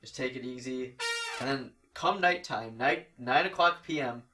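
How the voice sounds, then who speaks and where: A man's voice: medium pitch, moderate pace, far from the mic, music in the background. Rambling, enthusiastic young man. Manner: rambling, enthusiastic, many fillers. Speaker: podcast co-host. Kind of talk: casual chat.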